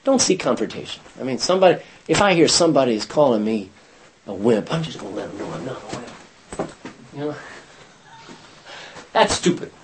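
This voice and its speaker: A man's voice: mid-range voice, expressive, normal speed, pauses often, noisy background. A man leading a Bible study class, reading scripture aloud and putting questions to his students.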